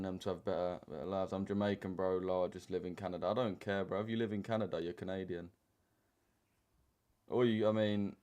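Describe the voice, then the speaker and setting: A young man talks through his trading charts in a relaxed live stream, full of slang and banter with his viewers. His voice sits a little low. Keyboard typing and clicks come through behind him. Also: clear, resonant tone. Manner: laid-back banter with slang, reading chat aloud. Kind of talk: casual live-stream chat over charts. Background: keyboard typing and mouse clicks.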